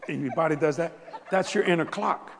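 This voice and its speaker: A man preaching a sermon as a story, animated, swinging from soft asides to loud bursts. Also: fairly high pitch, moderate pace, gravelly. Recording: long hall reverb.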